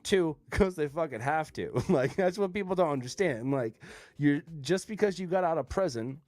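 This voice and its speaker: A man's voice: fairly high pitch, expressive, normal speed, a little mellow, no room sound. Blunt, profane man chatting casually. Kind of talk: casual chat.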